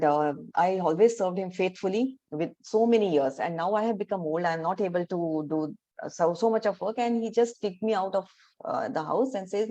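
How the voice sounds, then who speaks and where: A woman with an Indian English accent voicing an old, worn-out male donkey in a spoken fable, talking in a halting way with fillers. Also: lowish voice, mellow, lightly acted. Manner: plain storytelling voice with halting fillers.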